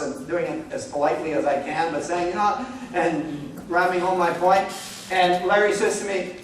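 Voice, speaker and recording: A middle-aged man giving a relaxed, joking church talk on marriage, full of "okay?" and "like". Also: high voice, a little hiss or hum. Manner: animated, joking, many "okay?" and "like". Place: church hall. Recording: echoey room from far off.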